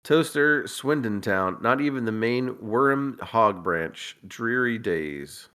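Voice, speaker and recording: A man hosting a casual podcast, reading a listener's list aloud with wry, deadpan asides and frequent chuckles. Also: mid-range voice, slow, clean tone. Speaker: podcast host.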